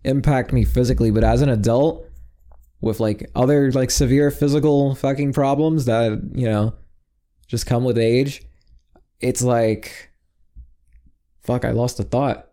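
Dark-voiced rambling male podcast host. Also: mid-range voice, fairly even intonation, unhurried, pauses often. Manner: rambling, swearing, loses his train of thought. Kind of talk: casual chat.

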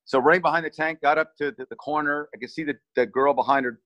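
A man's voice: a little high, fairly even intonation, quick pace, sharp tone, no room sound, rough recording. A middle-aged man earnestly recounting a rescue he led, often restarting and repeating words as he remembers. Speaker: relief team leader recounting a rescue. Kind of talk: personal storytelling in conversation.

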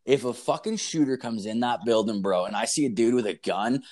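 A man's voice: medium pitch, brisk. A Canadian man casually telling a work story, full of swearing and constant "like" fillers. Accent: Canadian English. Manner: heavy swearing, constant "like" fillers, animated retelling.

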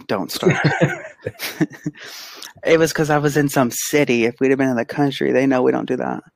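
A man co-hosting a podcast, telling an animated, casual story and acting out the quotes. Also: mid-range voice, moderate pace, vocal fry. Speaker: podcast co-host; pediatric physical therapist. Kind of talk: casual chat.

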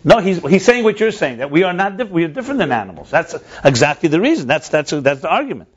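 A man leading a casual group discussion, talking in an animated way and often restarting and repeating words as he tells stories. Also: on the high side, fast talker, husky. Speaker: lead speaker in a group discussion. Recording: dull lo-fi recording.

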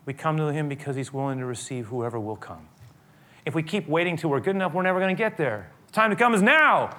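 A middle-aged male pastor preaching a sermon, moving between quiet reflection and rising, emphatic appeals. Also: on the high side, expressive, fast talker.

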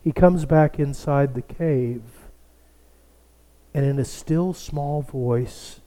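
A man preaching with a slow, storytelling delivery and a fairly high voice that has a mellow, dark tone. He sometimes drops to a near hush for emphasis. A long reverb from the church sanctuary trails each phrase. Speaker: pastor. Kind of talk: sermon.

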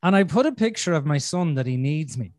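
A man's voice: on the high side, expressive, brisk, a little mellow, no room sound. A man, hosting a casual podcast conversation, blunt and sweary, acting out his own inner voices. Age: 40s. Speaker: podcast host.

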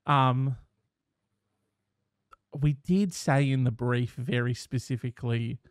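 Deadpan male podcast co-host. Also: medium pitch, takes it slowly, dry recording. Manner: dry, deadpan, mock-serious. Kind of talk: comedic podcast banter.

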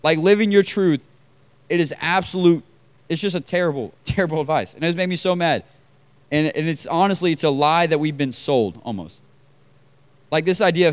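A man's voice: on the high side, normal speed. A young man preaching a casual, conversational sermon to a room of about forty people, with lots of fillers and questions put to the crowd.

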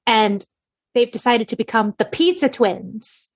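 Woman, podcast co-host, enthusiastic, fairly high voice, casual chat. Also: expressive, a little slow, husky. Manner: enthusiastic, gushing, quotes scenes.

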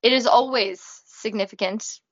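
A woman voicing a calm, detached female spirit guide she channels, speaking in a flat, robotic monotone. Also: a little high, normal speed, dull audio, natural voice. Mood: solemn.

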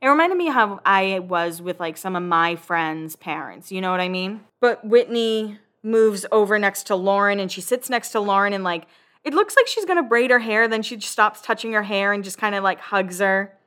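Young woman, bright clear voice, casual recap chatter, swears a lot, chatty. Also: medium pitch, moderate pace. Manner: chatty, swears freely, quotes people in animated voices. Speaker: podcast host recapping a reality show.

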